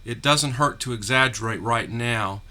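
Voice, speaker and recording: A man teaching a phonics lesson, carefully articulating drawn-out vowel and consonant sounds. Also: medium pitch, pushed and bright. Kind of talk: slow, deliberate phonics lesson.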